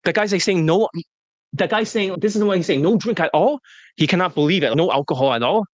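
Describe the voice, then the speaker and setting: A man's voice: high-pitched, fast talker, no room sound. A man who is a dating coach hosting a casual interview, talking bluntly with lots of swearing and mockery. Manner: blunt, profane, mocking. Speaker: dating coach and show host.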